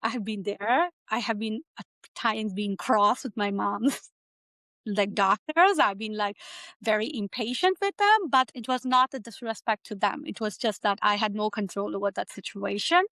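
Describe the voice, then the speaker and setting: Her mid-range voice is fairly bright and moderately paced, recorded dry. She is a middle-aged physician from India answering interview questions casually, with frequent "like"s and "right?" tags.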